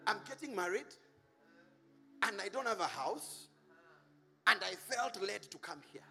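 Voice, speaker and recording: High bright preacher guy from kenya, swings all over, shouting and singing his sermon, echoey hall with faint music. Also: unhurried, gravelly. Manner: animated preaching, singsong shouts, laughing asides to congregation. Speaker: pastor.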